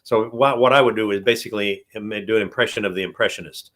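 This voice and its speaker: A man's voice: lowish voice, quick pace, fairly bright tone. An older male voice actor answering questions in a casual, rambling way, laughing often. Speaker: voice actor guest. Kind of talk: casual live-stream Q&A.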